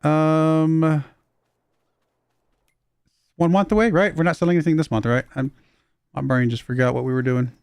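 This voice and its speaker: A man's voice: on the high side, fairly even intonation, normal speed, gravelly, pauses often, darkish tone, smooth, dry recording, studio quality. A man with a slight Southern US accent, chatting loosely and chuckling while streaming a farming game. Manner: chatty, rambling, chuckles often. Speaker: livestream gamer. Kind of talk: casual livestream commentary.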